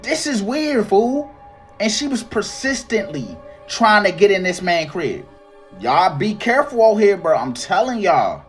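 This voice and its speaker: A woman commenting on a creepy video in an animated, slangy way, calling her viewers y'all and swearing freely. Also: lowish voice, normal speed, faint music behind.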